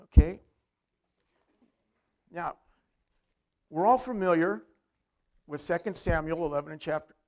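Middle-aged pastor, high male voice, chatty preaching, questions the congregation. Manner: conversational preaching, asks the crowd questions. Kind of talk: sermon.

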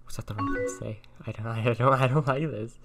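A young man playing a chat game on stream, thinking aloud and softly reading the messages on screen. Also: mid-range voice, brisk, vocal fry. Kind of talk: casual let's-play commentary. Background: game music and keyboard typing.

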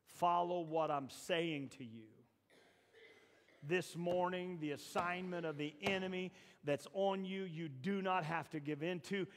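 A man preaching a sermon in a church, shifting from low, confiding talk to loud, shouted exhortation. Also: unhurried, big-room sound. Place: church sanctuary.

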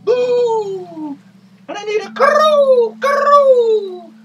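A man voicing an excitable young male rabbit puppet who loves carrots and fears foxes, reading a children's story with sound effects and cheers. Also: extremely slow, recorded from a distance, over loud music, exaggerated voice, low-quality recording. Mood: excited. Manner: squeaky, bouncy, full of sound effects and cheers.

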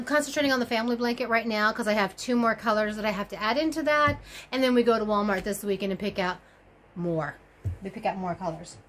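A woman's voice: medium pitch, fairly bright tone, slight background noise. A woman chatting casually on her crochet video blog, rambling and gushing with lots of fillers and exclamations. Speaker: crochet YouTuber.

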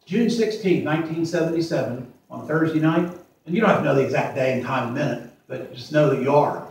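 A man in his forties preaching a sermon as pastor, plain-spoken, repeating himself and slowing down to stress verses. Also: on the high side, vocal fry, darkish tone, slight background noise. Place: church sanctuary. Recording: echoey church from far off.

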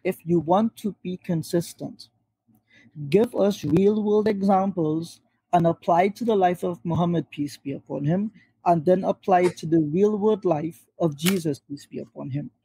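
A man argues fast and insistently on a video call. His voice sits high in pitch, yet its tone is dark and husky. The sound is dry and close. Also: dry recording, poor audio. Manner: rapid, pressing, addresses opponent by name. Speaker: Muslim panelist in a debate.

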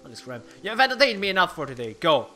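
A man's voice: fairly high pitch, sing-song, very fast, sharp tone, heavily acted. A man reading out the lines of a bratty young boy fisherman from a video game, in a dismissive, bossy way.

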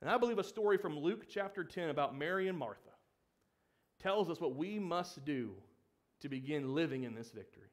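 A man's voice: fairly high pitch, lively intonation, a little fast. A young man preaching a sermon as pastor, asking the congregation questions and acting out the quoted lines of the story. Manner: acts out quoted pleas with rising emphasis.

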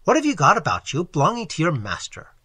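A man reading aloud and voicing a cool, mock-polite gentleman highwayman who never loses his composure. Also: huge pitch swings, fast talker, slightly rough, dry recording, exaggerated voice. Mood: coolly mocking. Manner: suave, mock-polite, unflappable. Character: cool mocking gentleman highwayman, adult male.

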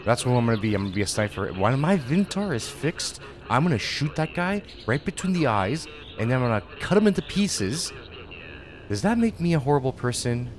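Exasperated gamer man, lively voice. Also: mid-range voice, fairly quick, music in the background. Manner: exasperated, rambling, repeats himself. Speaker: gameplay commentator. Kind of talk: let's play commentary.

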